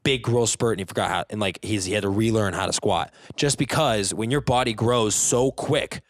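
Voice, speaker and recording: A man's voice: on the low side, moderate pace, no echo. Casual male podcast guest, storyteller who mimics people, dry close sound. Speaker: guest, jiu-jitsu competitor.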